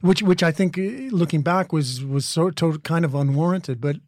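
A middle-aged man from the Midwest, an actor guest chatting casually in an interview, telling stories in a relaxed, rambling way with many restarts. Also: a little high, moderate pace, no room sound, studio quality. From American Midwest.

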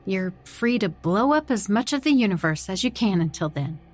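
A kindly middle-aged mother with a soft, raised voice, put on by a male narrator. She speaks gently and warmly in a spoken horror story. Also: high voice, animated, moderate pace, pitched above the performer's own voice. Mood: gentle. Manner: soft, kindly, a little regretful.

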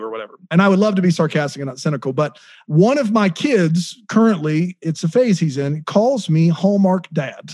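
A man's voice: on the high side, moderate pace, a little mellow, no room sound. A man in his thirties co-hosting a podcast, chatting casually and joking at his own expense. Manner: joking, self-deprecating. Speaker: podcast co-host. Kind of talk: casual chat.

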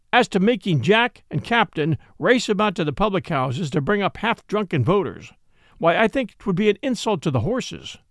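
A grave working-class cab driver and father, earnest and firm as he lectures his family, read by a man. His lively, rising and falling voice comes across close and dry in a storybook reading. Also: high voice, no room sound.

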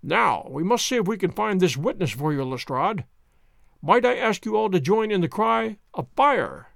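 A man's voice: sits high, sing-song, moderate pace, gravelly, fairly bright tone, no room sound, clean studio sound, heavily acted. A man reading the lines of a confident, wry detective, poised and commanding in an audiobook. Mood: assured. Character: sharp, confident male detective, theatrical.

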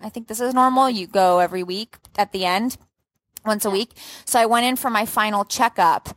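A woman in casual conversation who tells her story with plenty of animation, swearing freely and letting her pitch jump high and drop low. She has a mid-pitched voice, and the recording is close and dry, with no room sound. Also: a little fast, fairly bright tone, no room sound. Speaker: podcast guest.

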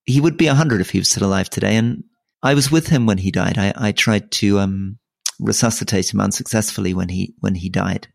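A middle-aged man with a low, gravelly voice talks in a relaxed, unscripted way. He stops and restarts often, repeating words as he feels his way into a thought. The sound is close and dry. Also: brisk, dry recording. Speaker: podcast co-host. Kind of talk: casual conversational chat.

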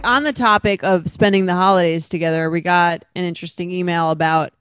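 A woman co-hosting a podcast in casual chat, relaxed and conversational, often trailing off mid-thought. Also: lowish voice, fairly quick, clear, resonant tone, dry recording, soft background music. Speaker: podcast co-host.

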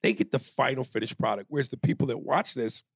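A man co-hosting a comedy podcast in casual chat, loud and playful, slipping into silly bits. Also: mid-range voice, quick pace, husky, no echo. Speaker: podcast co-host.

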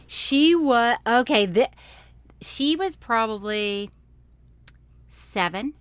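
A middle-aged woman co-hosting a podcast in casual chat, teasing and quick to laugh. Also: on the high side, animated, clear, resonant tone, no echo. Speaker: podcast co-host.

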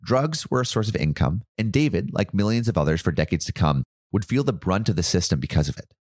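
A man narrating a documentary in a measured, deliberate way and putting questions to his guest. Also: sits low, expressive, darkish tone, no room sound, studio quality. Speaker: interviewer and narrator.

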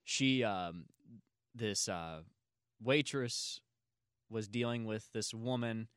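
Bright-voiced man rambling on a podcast. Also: fairly low pitch, slow, smooth, no echo, studio quality. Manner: rambling storytelling, filler words, bursts of loud laughter. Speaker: podcast host. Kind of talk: casual podcast chat.

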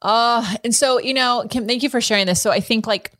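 A woman's voice: fairly high pitch, a little fast, a bit bright, no echo, studio quality. A woman in her thirties hosting a podcast, chatting frankly and laughing often as she asks questions. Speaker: podcast host. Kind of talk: casual interview chat.

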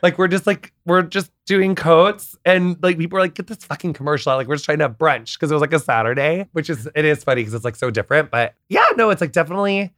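American man guest, fast chatty rambler, dry close sound. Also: fairly high pitch, no room sound. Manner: rambling, full of "like", animated storytelling. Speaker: podcast guest. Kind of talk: casual chat.

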